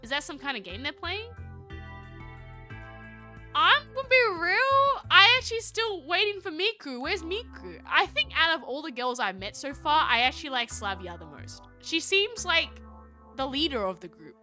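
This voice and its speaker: A woman streaming a story game live, reading its text aloud and joking with her chat in an animated way. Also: high voice, normal speed, soft background music. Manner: animated, jokey, talks to chat.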